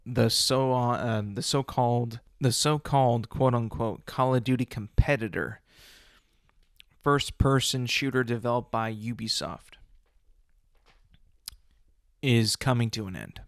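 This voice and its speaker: A man's voice: mid-range voice, unhurried, long pauses, dry recording, clean studio sound. Blunt, profane man hosting a solo podcast. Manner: blunt, profane, repetitive ranting. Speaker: podcast host.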